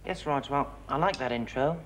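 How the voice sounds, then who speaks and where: A man's voice: mid-range voice, normal speed, heavy background noise. A man, a jazz drummer, talking through ideas at a band rehearsal and humming rhythms to show them. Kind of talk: rehearsal discussion.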